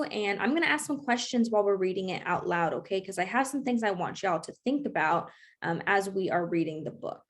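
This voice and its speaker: A woman's voice: medium pitch, expressive, a little fast. A young woman teaching an online class, encouraging and checking in often with her students. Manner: encouraging, checks in with frequent okays.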